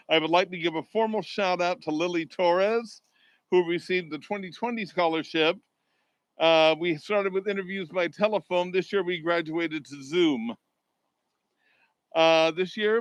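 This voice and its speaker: A man's voice: sits high, dry recording, poor audio. A man formally presenting a scholarship award at a graduation ceremony, reading prepared remarks.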